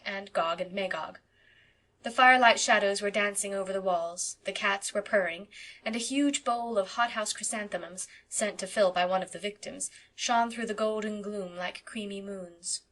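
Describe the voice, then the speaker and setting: A woman narrating a classic novel as an audiobook, in an expressive, measured storytelling manner. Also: medium pitch. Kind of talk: scripted narration.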